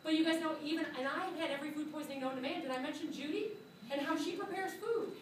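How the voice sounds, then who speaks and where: A woman microbiology teacher telling a funny story to her class, animated and laughing as she acts out what people said. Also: sits high, fast, a little hiss or hum. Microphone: phone camera from a student's seat. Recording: echoey classroom filmed from far off.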